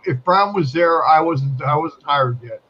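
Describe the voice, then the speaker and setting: A man's voice: a little high, measured pace, fairly bright tone, breathy edge. A man in a casual chat, chiming in with short questions and remarks. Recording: dull lo-fi sound.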